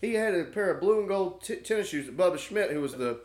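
Profane, animated man telling stories. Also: high voice, fast, roomy sound. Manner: profane, animated storyteller who acts out other people's lines. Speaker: podcast co-host. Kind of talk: casual storytelling chat.

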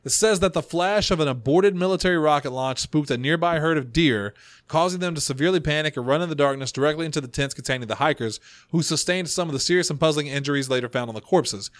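A man hosting a casual podcast, telling stories from his notes with quick asides. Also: fairly high pitch, dry recording. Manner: chatty storyteller, reads notes, quick asides. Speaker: podcast host.

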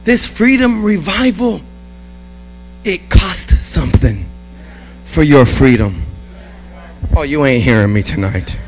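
A man preaching a revival sermon, repeating phrases and building from quiet talk to shouted, chanted calls. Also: on the high side, lively intonation, takes it slowly, pauses often, soft background music, rough recording. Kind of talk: revival sermon, call and response. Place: church service.

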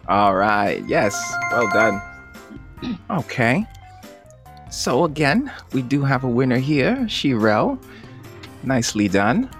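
A man hosting a playful tongue-twister game on a video call, upbeat and quick to laugh. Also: music in the background. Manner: upbeat, laughs often, very lively pitch. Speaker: host. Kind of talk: game show banter.

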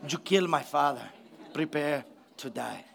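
A vengeful swordsman with a Spanish accent, delivered in a low, hushed, dramatic tone, as a preacher puts him on. The timbre drops well below his usual bright, high speaking voice. The lines are slow and grave, like a duel challenge. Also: gravelly, a crowd in the background.

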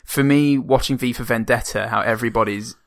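A man's voice: medium pitch, fairly even intonation, brisk, a bit bright, dry recording. Hesitant man in dry close-mic chat. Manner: hesitant, many fillers and restarts. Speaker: podcast co-host. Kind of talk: casual film review chat.

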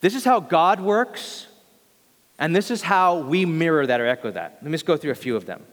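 A young pastor preaches with an earnest, conversational manner, now and then stumbling and restarting a phrase. His voice sits somewhat high for a man. The sound carries a long reverb, as if from a big hall. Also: animated, normal speed. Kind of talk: sermon.

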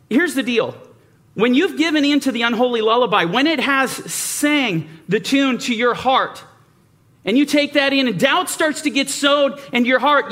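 A man's voice: extremely high pitch, sharp tone. A man preaching a sermon, emphatic, asking rhetorical questions and mimicking doubters. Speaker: Bible teacher.

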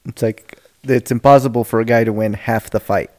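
A man's voice: mid-range voice, steady tone, fairly quick, a little mellow. A man co-hosting a casual fight-watching commentary, laid-back and joking.

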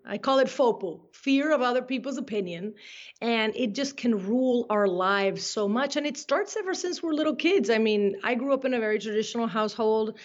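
High-voiced woman on a muffled recording. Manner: earnest, motivational, speaks with conviction. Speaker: guest. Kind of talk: conversational podcast interview.

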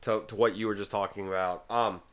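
A man's voice: fairly low pitch, fairly even intonation, a little fast. A man hosting a casual podcast chat, rambling and often repeating his words. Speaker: podcast host.

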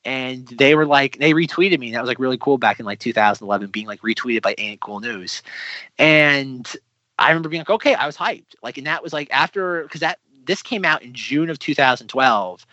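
A man's voice: medium pitch, animated, a little fast, pushed and bright, dry recording, lo-fi sound. A man co-hosting a podcast in casual chat, rambling with many fillers and restarts. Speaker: podcast co-host.

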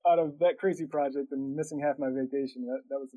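A man's voice: mid-range voice, fairly even intonation, quick pace, husky, phone-quality sound. A man who runs a production company, telling a story in casual chat, rambling with lots of fillers and laughing as he goes.

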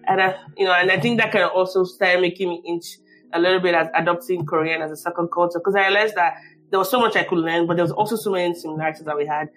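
A woman's voice: lowish voice, steady tone, quick pace, a bit bright. Woman hosting a podcast, rambling chatty questions, faint music underneath. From Nigeria. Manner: rambling, many asides and restarts. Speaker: podcast host. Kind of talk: long conversational questions.

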